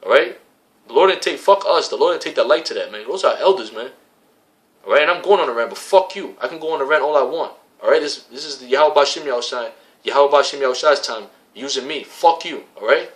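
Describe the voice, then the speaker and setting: A man of average pitch delivers a heated rant to the brothers of his religious community. He swears freely, repeats himself and closes many sentences with "man". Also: quick pace, a bit bright. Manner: heated, repetitive, profane, keeps adding "man". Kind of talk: impassioned spoken rant.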